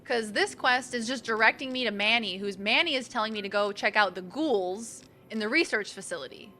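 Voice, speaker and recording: Young woman, Boston accent, streamer, casual game commentary, chatty, slightly high pitch, faint background noise. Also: a little fast, bright, forceful tone. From Boston area. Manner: chatty, self-mocking, talks to chat.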